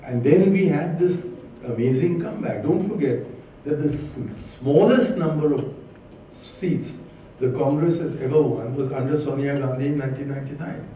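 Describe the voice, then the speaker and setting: A man's voice: fairly high pitch, normal speed, mellow, slight background noise. Witty older man lecturing in an echoey hall. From born in Pakistan, raised in India. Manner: witty and combative, with sardonic jokes. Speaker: guest speaker. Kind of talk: public lecture. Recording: roomy hall from far off, dull.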